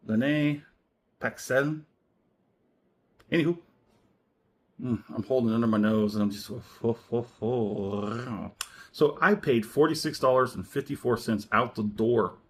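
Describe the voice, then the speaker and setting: A man's voice: medium pitch, measured pace, pauses often, slightly rough. A man hosting a casual spirits review, talking in a playful, joking and slightly rambling way. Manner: playful, jokey, a little rambling.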